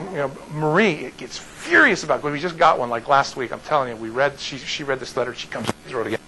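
Male pastor, storytelling from the pulpit, somewhat high voice, faint background noise, lots of restarts. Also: low-quality recording. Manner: animated, frequent restarts and repeated words. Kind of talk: storytelling talk to a congregation.

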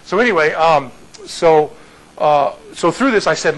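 A male pastor telling a story to his congregation in an animated way, often restarting and repeating words. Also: on the high side, a little slow, poor audio.

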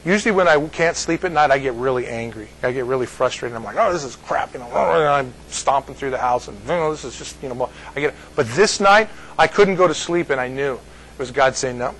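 A man's voice: mid-range voice, brisk, fairly bright tone, slight background noise, low-quality recording. A man as pastor giving conversational Bible teaching, rambling and folksy, often asking "you see?".

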